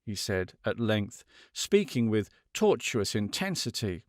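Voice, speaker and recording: A man reading a classic novel aloud as an audiobook narrator, in a measured, dramatic manner. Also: medium pitch, sing-song, no room sound, studio quality.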